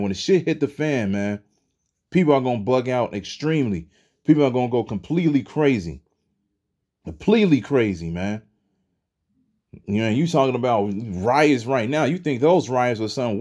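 In a medium-pitched, slightly mellow voice, a male religious commentator gives a casual preaching monologue. The talk is loose and conversational, with "man" slipped into nearly every sentence.

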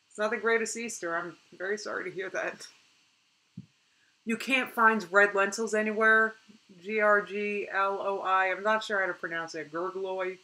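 A young woman chatting casually on a live stream, reading out viewer comments in an animated way and laughing often. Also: medium pitch, low-quality recording.

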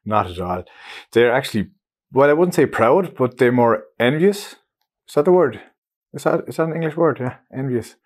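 A man's voice: medium pitch, lively intonation, moderate pace. A German man with an Irish accent, chatting casually and with self-mockery as an interviewee in a documentary, now and then searching for an English word. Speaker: interviewee, musician.

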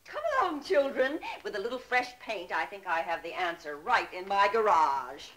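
A woman's voice: mid-range voice, lively intonation, normal speed, fairly bright tone, slight background noise, close to an everyday voice, poor audio. An actress playing a prim, fussy middle-aged woman in a 1960s sitcom, theatrical and gushing. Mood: scheming.

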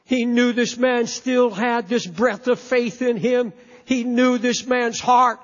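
A man's voice: very high-pitched, steady tone, slow. A man preaching a sermon, impassioned and emphatic, often repeating words as he presses a point. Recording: echoey hall, dull lo-fi sound.

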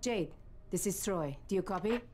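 An actor playing a calm male survivor leader who speaks in a measured, serious way. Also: high-pitched.

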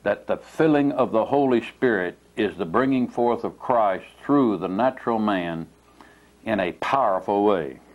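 A man preaching a teaching sermon in a meeting room, speaking slowly and deliberately and leaning hard on single words. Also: on the low side, expressive, muffled recording.

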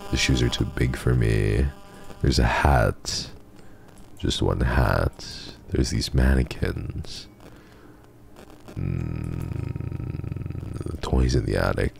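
Very deep gravelly-voiced man streaming. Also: drawn-out words, pauses often, slight background noise. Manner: jokey, chatty, reads game text aloud. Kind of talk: casual let's-play chat.

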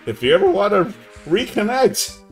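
A young man chatting casually on a live gaming stream, laid-back and saying "man" a lot, yelling now and then at the game. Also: sits high, very animated, normal speed, gravelly, faint music behind.

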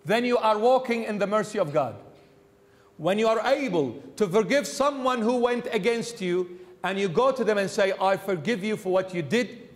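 A man, a bishop, preaching a sermon emphatically, repeating key phrases and dropping suddenly to a hush. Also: sits high, long reverb tail.

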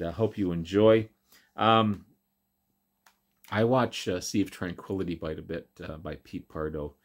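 A man casually showing and talking through records he picked up, relaxed and rambling with many ums and uhs. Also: low voice. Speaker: vinyl collector vlogger. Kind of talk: casual record show-and-tell.

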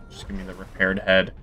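A man hosting a horror game playthrough, talking casually and reacting loudly, yelping at scares and grumbling when frustrated. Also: fairly low pitch, creaky, husky. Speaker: gaming video host. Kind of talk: let's play commentary.

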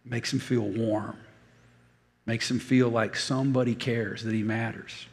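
An older male pastor delivers a sermon, weaving personal stories into repeated, emphatic phrases. His voice has a gravelly edge at a middling pitch. The sound carries a long reverb from a large church hall. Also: level tone, measured pace.

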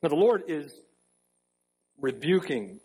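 A male pastor delivers a sermon in a church with a high, husky voice. He preaches emphatically, repeating key phrases and drawing out words for weight. His delivery swings between pointed questions and firm answers. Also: sing-song, takes it slowly, warm tone, low-quality recording. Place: church sanctuary.

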